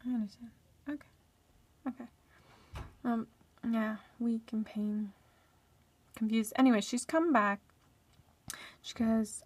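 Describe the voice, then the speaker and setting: A woman voicing a deaf storyteller's first-person story, halting and often dropping into a soft whisper. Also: on the high side, steady tone, husky.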